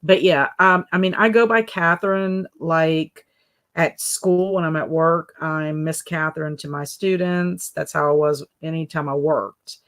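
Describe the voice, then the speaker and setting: A woman hosting a relaxed live stream, chatting in a rambling way and reading out viewer comments. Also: low voice, measured pace. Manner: rambling, chatty, lots of fillers. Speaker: livestream host reading chat comments. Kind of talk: casual chat. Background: soft background music.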